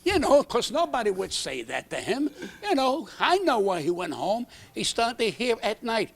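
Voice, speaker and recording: A man, rambling through comic anecdotes on a talk show. His voice sits high and gravelly, and it leaps and dips all over the place as he acts out the people in his stories. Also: very animated, normal speed, few pauses. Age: 80s. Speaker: talk show guest, comedian. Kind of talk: comic storytelling. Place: TV studio.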